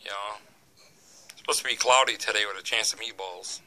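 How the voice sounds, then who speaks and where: A man's voice: lowish voice, steady tone, a little fast, background noise. An older man with a Boston accent chatting casually in a home vlog, rambling and leaning on "you know" between folksy jokes. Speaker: vlogger.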